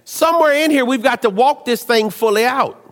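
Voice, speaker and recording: A man preaching a sermon, telling stories in an animated way, dropping to low asides and rising to shouts. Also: moderate pace, long reverb tail.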